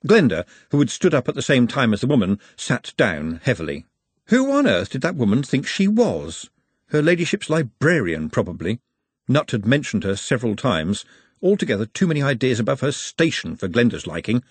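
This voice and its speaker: A man reads a novel aloud in a wry, expressive way, his husky voice moving a great deal in pitch. His voice sits in a middle register, and the recording is close and dry, with no room sound. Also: normal speed, no echo. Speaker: audiobook narrator. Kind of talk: scripted narration.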